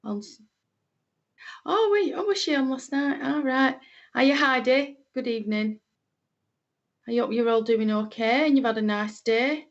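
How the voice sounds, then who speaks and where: Here a medium from Lancashire, England, a middle-aged woman with the local accent, chats warmly to livestream viewers, using lots of fillers. She speaks a little slowly in a high register with long pauses, and the audio sounds dull.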